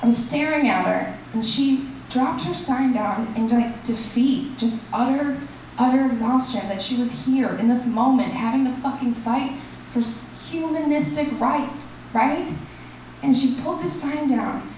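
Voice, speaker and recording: A woman performing a stand-up comedy set and hosting the show, animated and shouting her punchlines in high bursts. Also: measured pace, distant mic, a little hiss or hum. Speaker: stand-up comic and festival host. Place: comedy club stage. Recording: echoey room picked up from afar.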